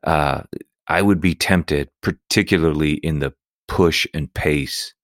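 A man's voice: extremely low pitch, takes it slowly, no room sound, studio quality. A man hosting an interview podcast, introducing his guest and asking questions with open enthusiasm. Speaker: podcast host.

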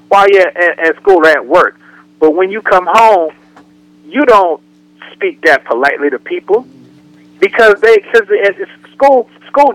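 A man's voice: sits high, no room sound, poor audio. A man co-hosting a casual radio talk show, telling jokes and acting out the way people talk. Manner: joking storyteller, animated impressions.

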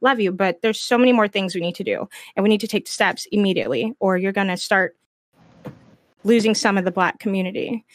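A woman's voice: medium pitch, brisk. A woman streamer speaking frankly and with passion in a casual panel discussion. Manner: impassioned, frank and blunt.

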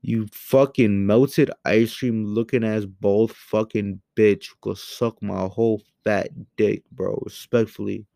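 A young man giving a heated, profane rant into a home microphone, swinging between loud outbursts and low muttering. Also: fairly even intonation, slow pace, gravelly, hardly any pauses, no echo. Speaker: commentary host. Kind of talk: angry ranting commentary.

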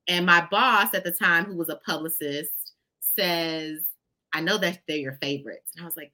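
A woman guest on a talk show, telling stories in an expressive, folksy way and often addressing listeners directly. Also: fairly low pitch, fairly quick. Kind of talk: conversational storytelling.

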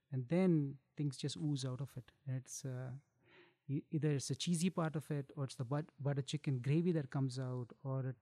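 Middle-aged male chef, gravelly tone, dry sound, easygoing chat with frequent laughs. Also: mid-range voice, mellow, dry recording. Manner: chatty, laughs often, restarts phrases. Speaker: chef and food business owner. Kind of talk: casual interview chat.

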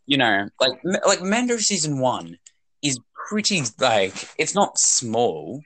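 A young man co-hosts a podcast, rambling in casual chat with plenty of fillers and restarts. He speaks unhurriedly in a medium-pitched, sing-song, somewhat bright voice, with slight background noise behind him.

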